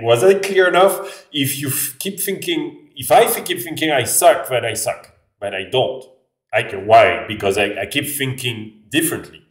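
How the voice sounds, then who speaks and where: A mid-range, French-accented man vlogs casually to camera, rambling, restarting phrases, and saying "like" often. He's picked up by the camera mic in an echoey room, so his voice sounds a bit distant.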